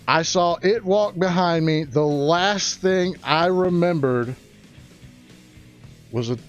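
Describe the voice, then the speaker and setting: Crude, excitable high-voiced man telling a story. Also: slow pace, muffled recording, soft background music. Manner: crude, excitable, loud rising outbursts. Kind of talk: stand-up storytelling.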